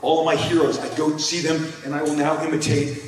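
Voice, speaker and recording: Animated storyteller, man in his fifties, high voice, far from the mic in a big echoey hall. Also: fairly quick. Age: 50s. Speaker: comic creator, panel guest. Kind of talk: convention panel talk. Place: large convention hall.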